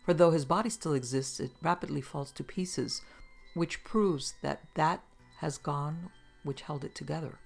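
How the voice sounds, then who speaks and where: A narrator voicing a composed man calmly reasoning about the soul. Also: medium pitch, a little slow, gravelly, breathy edge, faint music behind. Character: calm male investigator of the occult.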